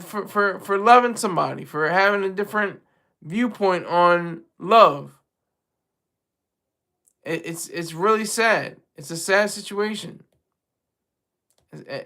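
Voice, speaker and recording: A man hosting a casual live commentary stream, animated, often repeating and restarting his phrases. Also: high voice. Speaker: streamer host.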